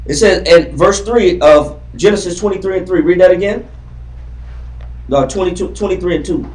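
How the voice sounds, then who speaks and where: Teaching scripture emphatically, a man with a high, slightly mellow voice speaks at a moderate pace to his Bible class. He's fervent, repeats himself, and quizzes his readers, and the recording picks him up from far off in a roomy classroom.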